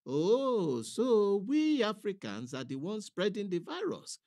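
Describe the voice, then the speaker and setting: A man's voice: high-pitched, wildly swooping pitch, slow, darkish tone, pitched above the performer's own voice, full character voice. A man voicing a sick older devout man who speaks sarcastically and wheezes. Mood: sarcastic.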